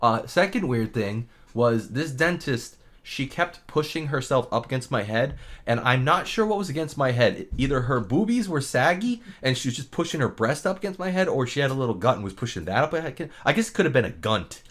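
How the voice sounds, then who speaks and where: A man's voice: medium pitch, sing-song, a little fast, a bit bright. A man co-hosting a casual comedy podcast, telling a story with swearing and quoted voices. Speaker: podcast co-host.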